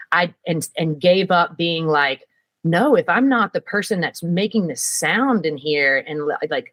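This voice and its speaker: A woman, a guest telling lively stories about her work in a casual interview, with lots of fillers. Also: on the low side, no echo, rough recording. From Georgia, US. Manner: lively, animated, many fillers. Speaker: guest, production director.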